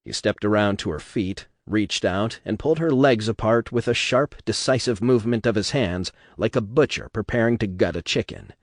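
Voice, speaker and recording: A man narrating a novel in a steady storytelling manner. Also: fairly low pitch, moderate pace, few pauses, dry recording, clean studio sound. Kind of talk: novel reading.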